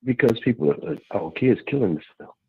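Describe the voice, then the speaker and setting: A man calling in to a radio talk show, speaking earnestly and haltingly, with many restarts. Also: medium pitch, expressive, vocal fry, breathy edge, no room sound. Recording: tinny phone line.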